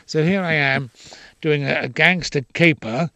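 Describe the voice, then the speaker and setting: Older man, gravelly, expressive, indignant, interview storytelling. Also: fairly high pitch, measured pace, no echo. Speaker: actor and playwright interviewee. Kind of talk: animated interview anecdotes.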